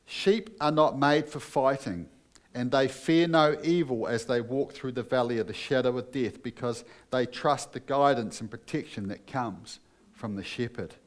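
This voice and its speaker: A man's voice: mid-range voice, normal speed. A man preaching a sermon as pastor, earnest and emphatic, putting questions to his listeners.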